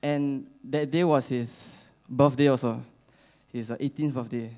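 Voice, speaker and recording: A young man with a Singaporean English accent telling a story as a youth church speaker, halting with many fillers and casual slang particles. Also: medium pitch, fairly even intonation, mellow. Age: young adult.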